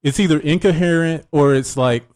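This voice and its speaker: A man's voice: on the high side, brisk, a little mellow. A man co-hosting a podcast in casual chat, easygoing and agreeable. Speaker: podcast co-host.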